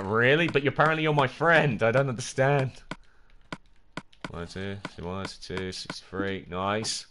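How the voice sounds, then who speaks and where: A man's voice: fairly low pitch, lively intonation, takes it slowly, a bit bright, slight background noise. A man livestreaming a video game, rambling, humming to himself and reading chat aloud. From United Kingdom. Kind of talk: gaming livestream chatter.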